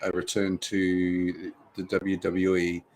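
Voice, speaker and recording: A man's voice: deep voice, completely flat delivery, slow, darkish tone, a little hiss or hum, low-quality recording. A man co-hosting a casual wrestling post-show chat, emphatic, swearing freely and repeating his points. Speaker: co-host.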